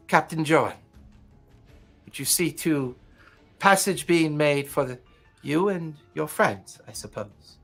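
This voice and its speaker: A man's voice: fairly high pitch, gravelly, a bit bright, heavily acted. A man doing a regal, aloof sea queen. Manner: formal, measured, commanding. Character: aloof underwater council matriarch, female.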